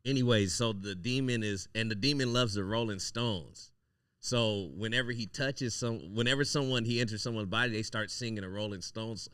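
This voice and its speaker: A man's voice: lowish voice, moderate pace, a bit bright, smooth, dry recording, clean studio sound. A man hosting a casual podcast chat, a rambling, profane storyteller who often restarts his sentences. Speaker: podcast host.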